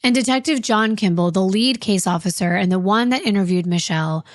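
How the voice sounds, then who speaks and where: Woman, true crime podcast co-host, expressive and indignant, dry close recording. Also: medium pitch, fairly quick, no room sound.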